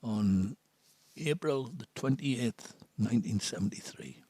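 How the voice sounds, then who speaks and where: An older man with a North East English accent chats through his memories as a guest, laughing easily and sinking to a near whisper when he gets serious. His voice is husky and breathy. The sound is dry and close, with no room echo. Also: medium pitch, a little slow, dark tone. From Sunderland, England. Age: 70s. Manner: chatty, laughs often, drops to a near whisper on serious points. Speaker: missionary priest, guest. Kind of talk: casual storytelling chat.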